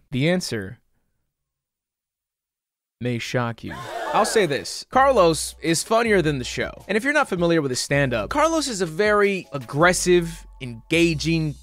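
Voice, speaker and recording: A man's voice: on the high side, sing-song, unhurried, a bit bright, faint music behind. A man hosting a comedic review video, talking in a casual, sarcastic and profane way. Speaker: YouTube comedy reviewer host. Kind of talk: comedic video essay commentary.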